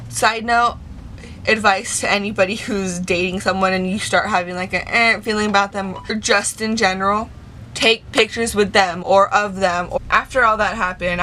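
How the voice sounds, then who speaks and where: A young woman with a bright, clear voice talks straight to her camera, telling a personal story in a loose, casual vlog style. She swears freely and acts out the retelling with lively energy. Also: medium pitch, slight background noise. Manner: heavy swearing, animated retelling. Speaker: vlogger. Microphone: camera mic.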